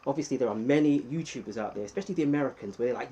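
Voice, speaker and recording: A man with an English accent hosting a casual live stream, reading the chat and giving playful shout-outs to viewers. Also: mid-range voice, lively intonation, very fast, hardly any pauses, breathy edge.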